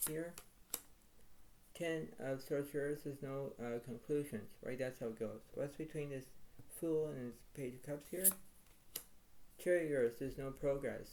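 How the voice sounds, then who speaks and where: A man's voice: medium pitch, vocal fry, mellow, a little hiss or hum, poor audio. A man giving a weekly tarot reading, rambling and repeating himself as he names each card. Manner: rambling, repetitive, filler-heavy.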